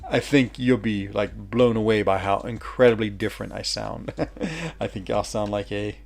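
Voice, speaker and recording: A man's voice: lowish voice, normal speed, creaky. A man with an American accent, chatting casually with viewers as a streamer, rambling with many fillers and restarts. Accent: American, with a West Virginia lilt. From United States.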